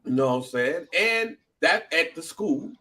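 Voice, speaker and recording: A man, co-hosting a casual podcast, talking excitedly with frequent laughs and high, animated bursts. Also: measured pace. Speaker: podcast co-host.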